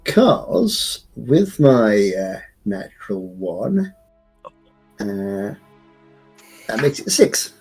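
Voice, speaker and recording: A man speaking as a player in a tabletop game, talking haltingly with restarts. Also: on the low side, sing-song, darkish tone, husky, soft background music. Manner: halting, stumbling speech with laughs. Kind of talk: casual tabletop play.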